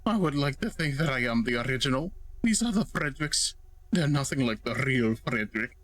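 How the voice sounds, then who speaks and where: A man's voice: medium pitch, lively intonation, fairly quick, fairly bright tone. A man voicing a frightened, paranoid man hiding in a closet, with a shaky, stammering, apologetic delivery while reading game dialogue aloud. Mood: uncertain.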